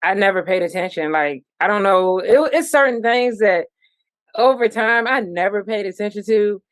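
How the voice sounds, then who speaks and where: A woman from Virginia, a musician guest on an interview, telling stories with lively sung-out rhythms and sound effects. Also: medium pitch, normal speed, no room sound. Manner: animated storytelling, sings out rhythms and sound effects. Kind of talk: casual interview.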